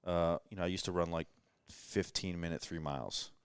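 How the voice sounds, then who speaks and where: A man in his thirties with a low voice tells self-deprecating stories in a relaxed late-night chat. The sound is close and dry, as if recorded around a table in a rental house. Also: normal speed, smooth, dry recording. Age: 30s. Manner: self-deprecating storyteller, joking. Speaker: podcast guest shooter. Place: rental house living room.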